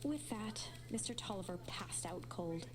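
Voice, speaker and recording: A woman giving soft, measured, scripted storybook narration for a game. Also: medium pitch, animated, noisy background, natural voice.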